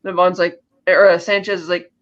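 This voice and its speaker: A man co-hosting a podcast, casually recapping a film's plot with animated storytelling and frequent restarts. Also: sits high, brisk. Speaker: podcast co-host. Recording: slightly muffled lo-fi audio.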